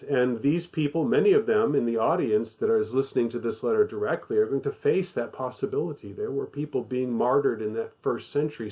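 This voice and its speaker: A man's voice: medium pitch, darkish tone. Man teaching a Bible study. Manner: conversational, emphatic repetition. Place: living in the American South.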